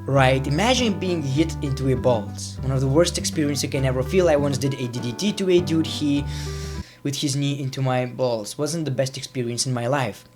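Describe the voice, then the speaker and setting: A man's voice: medium pitch, fairly quick, over music. A man doing casual, rambling reaction commentary as a YouTuber, laughing at the clips he shows.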